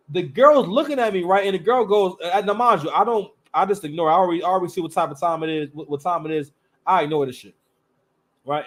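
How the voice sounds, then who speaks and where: A man hosting a live stream, telling stories in a loose, rambling way with slang and restarts. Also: high voice. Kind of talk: casual storytelling monologue.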